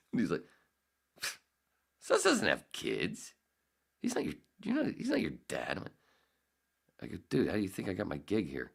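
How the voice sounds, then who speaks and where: A man's voice: low-pitched, normal speed, vocal fry, long pauses, slightly rough. A middle-aged man hosting a podcast, telling a long anecdote in a loose, casual way and acting out the quoted lines. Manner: animated anecdote-telling, laughs often, acts out quotes. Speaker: podcast host. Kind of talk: casual storytelling.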